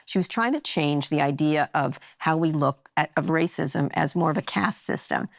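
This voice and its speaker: A woman's voice: sits low, normal speed, gravelly, dry recording, clean studio sound. A woman in her sixties telling a story in casual conversation as a podcast guest, blunt and a little profane, acting out the voices of the people she quotes. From United States. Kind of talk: casual chat.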